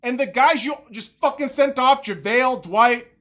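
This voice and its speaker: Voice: high voice, moderate pace, fairly bright tone. A podcast host alone in a room, ranting about basketball with constant swearing and heated bursts. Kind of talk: solo sports rant.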